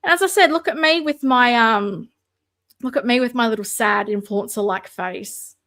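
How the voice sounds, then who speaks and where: A woman's voice: a little high, moderate pace, fairly bright tone. An Australian woman hosting a casual livestream, chatting and answering viewer comments. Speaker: livestream host.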